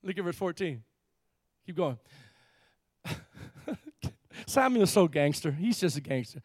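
A man preaching a lively sermon, reading scripture and repeating his words with frequent laughs. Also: a little high, slow pace, pauses often, breathy edge, no echo, studio quality. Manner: animated, repeats words, laughs often, acts out characters. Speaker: pastor.

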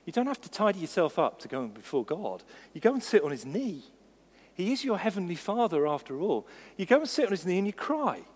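Animated preacher in an echoing hall. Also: male voice, high voice, fairly quick, breathy edge. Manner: animated, acts out voices in his stories. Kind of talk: sermon. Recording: long reverb of a church hall.

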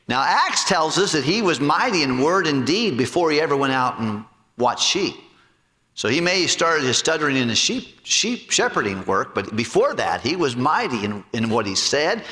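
A man preaching a sermon with animated storytelling, acting out voices and jokes. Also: fairly high pitch, big-room sound. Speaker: pastor.

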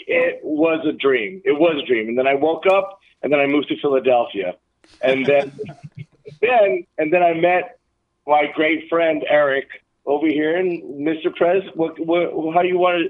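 A man's voice: a little high, measured pace. A man calling in from a moped club shop, talking loosely and cursing as he rambles. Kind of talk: casual phone-in chat. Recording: tinny phone line.

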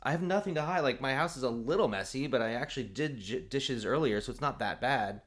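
Animated man telling a funny story. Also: medium pitch, quick pace. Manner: animated, acts out quotes, laughs often, many fillers. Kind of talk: casual comedic storytelling.

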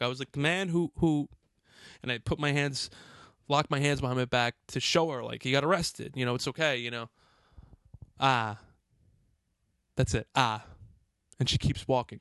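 A man, host of a podcast, telling a heated, profane story in an excitable way. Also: mid-range voice, no echo.

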